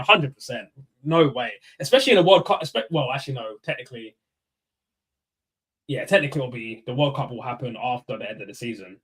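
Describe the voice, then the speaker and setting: A young man hosting a casual fan live stream, reading chat and giving shout-outs in loose slang. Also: medium pitch.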